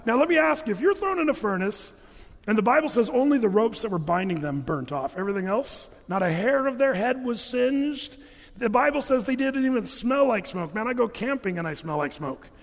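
High-voiced preacher in a reverberant hall. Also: male voice, animated, a little fast. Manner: conversational, humorous storytelling preacher. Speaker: pastor. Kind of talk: sermon.

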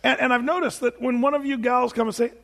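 Man, pastor, high voice, conversational sermon, jokes with the congregation, reverberant church hall. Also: fast. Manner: conversational and animated, reads scripture aloud, jokes with the congregation. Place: church sanctuary.

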